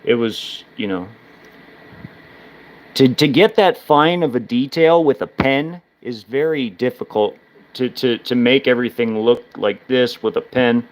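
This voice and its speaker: Halting, rambling man chatting on stream. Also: medium pitch. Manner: halting, many restarts and fillers, speech slurs when fast. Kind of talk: casual live-stream chat.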